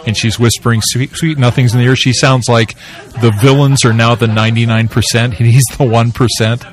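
A man's voice: mid-range voice, little pitch movement, brisk. Dry-witted male podcast guest. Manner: brief agreeing interjections, dry asides. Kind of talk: casual chat.

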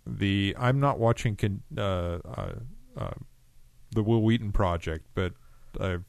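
A man's voice: lowish voice, big pitch swings, takes it slowly, vocal fry, darkish tone, no echo. A man co-hosting a podcast, chatting casually and easygoingly about TV shows. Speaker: podcast co-host.

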